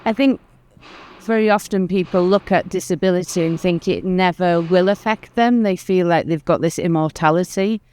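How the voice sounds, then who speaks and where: Smooth, earnest male panelist. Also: high voice, moderate pace, darkish tone. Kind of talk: panel talk. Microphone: handheld microphone.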